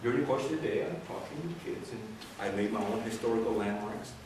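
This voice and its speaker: Low-voiced man telling stories to an audience. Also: fast, noisy background. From Texas. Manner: animated anecdotes with acted quotes and laughter. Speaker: presenter. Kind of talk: storytelling talk to an audience. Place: large room with audience. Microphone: distant room mic. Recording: echoey room recorded from far off.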